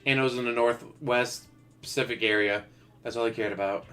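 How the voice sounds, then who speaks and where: A man's voice: medium pitch, steady tone, a little fast, pushed and bright, faint music behind. A man giving sarcastic, joking live-stream commentary from a home setup and laughing at his own jokes. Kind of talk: casual livestream commentary. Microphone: desktop USB microphone.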